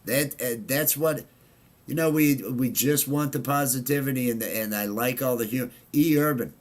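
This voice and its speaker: A man's voice: mid-range voice, moderate pace. A man hosting a casual livestream chat, rambling with many fillers and restarts. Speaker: livestream host.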